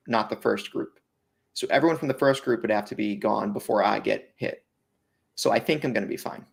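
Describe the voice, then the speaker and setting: A man's voice: medium pitch, gravelly. A man co-hosting a casual podcast, teasing and joking with his co-hosts. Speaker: podcast co-host.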